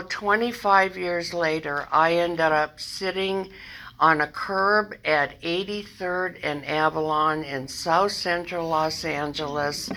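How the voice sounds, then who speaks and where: A woman's voice: low voice, sharp tone, low-quality recording. A woman in her seventies from northern Minnesota, speaking at a recovery meeting in a chatty, self-deprecating way and laughing often. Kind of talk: personal recovery talk.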